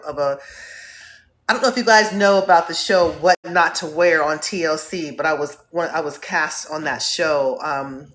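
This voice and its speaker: Upbeat woman from ohio chatting on her live stream, slow and bright, lowish voice. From Northeast Ohio. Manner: effusive, drawn-out greetings, upbeat. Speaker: host. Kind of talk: live stream chat greeting viewers.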